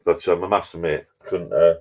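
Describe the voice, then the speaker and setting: A man hosts a relaxed live stream from his home bar, speaking into a laptop. His voice sits very low. He drifts from story to story and calls out to viewers by name. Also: fairly quick. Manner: chatty, rambling, greets viewers by name. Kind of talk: casual live chat with viewers.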